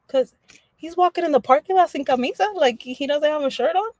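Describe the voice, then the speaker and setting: A woman chatting casually on a livestream, animated and slangy, laughing often as she talks to her viewers. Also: high voice, brisk, dry recording. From Dominican family background. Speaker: livestream host.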